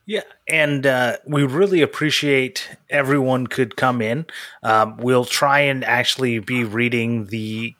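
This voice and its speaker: A man co-hosting a podcast in casual chat, his voice bright and forceful. He rambles along with fillers and restarts, recorded close and dry. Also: medium pitch, measured pace, no echo. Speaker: podcast co-host.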